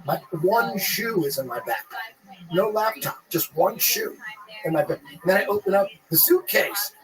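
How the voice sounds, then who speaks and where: A man telling a rambling, profane anecdote in casual chat, animated and swearing freely. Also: high-pitched, moderate pace, crowd noise, poor audio. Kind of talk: casual storytelling.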